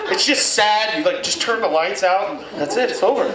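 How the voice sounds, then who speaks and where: A man performing a crude, animated stand-up comedy set in a packed club. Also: high-pitched, normal speed, recorded from a distance, very noisy. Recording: echoey room mic'd from afar, loud crowd laughter.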